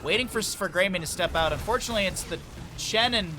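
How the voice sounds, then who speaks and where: A man casting a live esports match, calling fast play-by-play and wandering into chatty asides he shares with his chat. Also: high voice, background noise. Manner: excitable, rambling asides between fast play-by-play; chatty, talks directly to chat. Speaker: esports caster.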